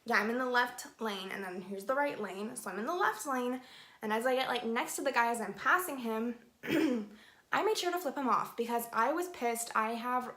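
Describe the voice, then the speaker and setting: A young woman telling a story in a chatty, animated way, saying "like" often, while doing her makeup for a beauty vlog. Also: on the high side, moderate pace. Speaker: beauty vlogger. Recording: echoey room.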